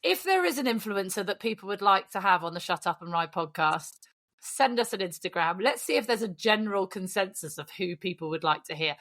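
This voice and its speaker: A woman's voice: medium pitch, expressive, brisk, a bit bright. A woman hosting a casual podcast, teasing her co-hosts in a dry, bossy way. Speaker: podcast host. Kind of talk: casual chat.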